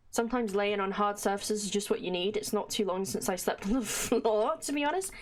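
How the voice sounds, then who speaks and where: During a casual gameplay livestream, a woman with a mid-range voice talks with her chat and reads in-game text aloud. She speaks a little fast with few pauses, over slight background noise.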